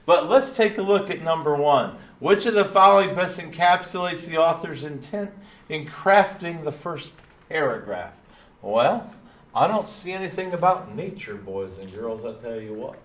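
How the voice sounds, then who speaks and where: A man putting on a drawling small-town cartoon dad, folksy and proud, leaning on his stock phrases as he reads through a lesson. The voice sits a little high for a man and rings in a roomy space. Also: animated, fairly bright tone. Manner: slow Texan drawl, repeating catchphrases. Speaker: teacher. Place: classroom. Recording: roomy echo.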